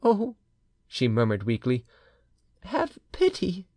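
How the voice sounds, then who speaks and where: Timid young wife, stammering, voice lifted high, male audiobook reader voicing her. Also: sing-song, moderate pace, darkish tone, no echo. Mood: weak pleading. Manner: trembling, faltering with stammers. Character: anxious young peasant wife, fearful and pleading.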